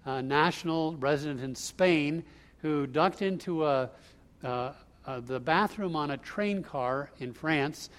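A man telling a story off the cuff, halting often with fillers and restarts. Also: a little high, fairly bright tone. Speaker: speaker recounting a news event. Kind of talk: unscripted spoken storytelling.

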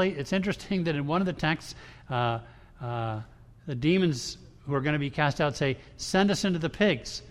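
A man preaching a sermon to his congregation in a conversational style, with frequent restarts and emphatic quoted lines. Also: fairly high pitch. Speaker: pastor. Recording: long hall reverb.

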